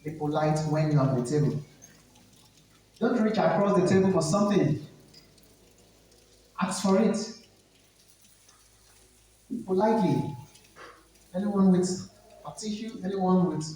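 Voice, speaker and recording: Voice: medium pitch, dark tone, recorded from a distance, slight background noise. Nigerian-accented speaker in an echoey hall. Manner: emphatic, instructive, repeats key phrases. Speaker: etiquette trainer. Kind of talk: seminar talk to students.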